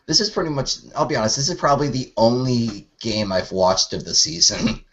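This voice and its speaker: A man's voice: mid-range voice, very animated, fairly quick, fairly bright tone, a little hiss or hum. A young man from New England hosting a casual podcast, laid-back and laughing often. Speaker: podcast host. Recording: dull lo-fi voice chat audio.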